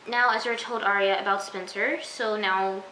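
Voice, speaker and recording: A woman chatting through an episode review, acting out her own reactions and sometimes dropping into a soft near-whisper. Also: medium pitch, fairly even intonation, normal speed, slight background noise. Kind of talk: casual episode review vlog. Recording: echoey room.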